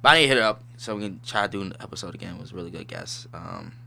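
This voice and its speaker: Guy with aave doing a solo podcast, real bright edgy tone, kinda low voice, loose and rambly. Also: expressive, rapid-fire, creaky. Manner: laid-back slangy rambling, laughs often. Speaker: podcast host. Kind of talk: casual solo podcast chat.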